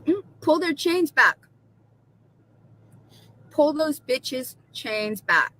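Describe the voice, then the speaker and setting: A woman with a high, bright and sharp voice rants to camera. She swears freely and mocks her critics, staying defiant throughout. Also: big pitch swings, very slow, low-quality recording. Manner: profane, mocking and defiant. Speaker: video creator being reacted to. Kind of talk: angry rant to camera.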